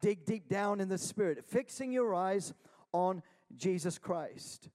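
A man's voice: high-pitched, expressive, measured pace, a little mellow. A man preaching a sermon, urging his listeners on with repeated calls of "Amen?". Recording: long hall reverb.

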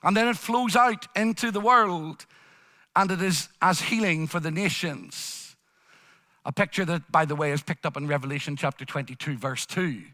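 A man's voice: high voice, pushed and bright. A man preaching a sermon in an impassioned style, building through repeated phrases. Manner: impassioned, repetitive preaching cadence.

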